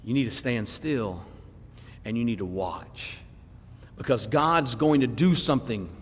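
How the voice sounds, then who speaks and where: Animated preacher in a reverberant church. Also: male voice, medium pitch, a little slow, husky. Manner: animated, swings between loud emphasis and quiet asides; acts out congregants' voices mid-sermon. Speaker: preacher teaching a Bible class. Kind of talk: sermon. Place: church sanctuary.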